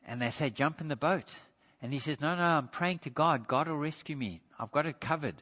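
A man preaching a sermon as pastor, impassioned, swinging from loud emphasis to hushed appeals. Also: on the high side, fairly quick, in a large hall, lo-fi sound.

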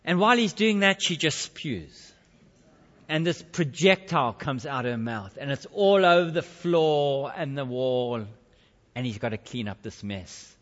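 A man preaching, telling a story in a dramatic way that swings between loud and hushed, recorded with a dull lo-fi sound and long hall reverb. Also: mid-range voice, lively intonation, a little slow. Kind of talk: sermon storytelling.

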